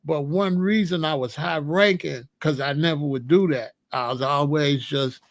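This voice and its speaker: A middle-aged American man hosting his own show, telling stories in an animated, rambling way and repeating phrases as he goes. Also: on the high side, normal speed, no room sound. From United States. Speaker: host. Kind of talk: casual storytelling chat.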